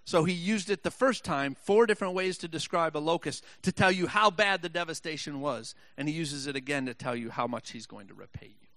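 A high, bright-toned male preacher delivering a sermon with a dry, close sound. He reads verses in a slow, deliberate way, makes joking asides to his listeners, and builds to passionate, raised exhortation. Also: no room sound. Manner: reads scripture slowly, then builds to impassioned shouting.

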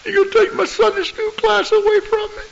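A man voicing a caught church member, whining and pleading for forgiveness in a high, sobbing tone. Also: monotone, brisk, creaky. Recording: muffled lo-fi recording.

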